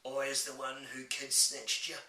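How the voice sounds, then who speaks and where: A man voicing a huge, kindly male giant who talks in a slow drawl with mangled grammar. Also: mid-range voice, monotone, pushed and bright, pitched above the performer's own voice. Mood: indignant, tearful. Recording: roomy, distant mic, faint hiss.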